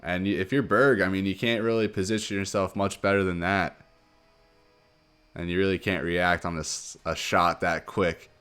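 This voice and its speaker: Deep-voiced man calling hockey play-by-play. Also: clear, resonant tone, faint music behind. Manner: rapid play-by-play, excited surges on goals. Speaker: gaming commentator. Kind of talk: play-by-play video game commentary.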